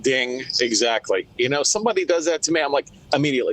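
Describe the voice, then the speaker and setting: A man co-hosting a casual podcast, a former radio station owner who tells drawn-out, wry stories. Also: medium pitch, animated, a bit bright. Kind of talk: casual storytelling chat.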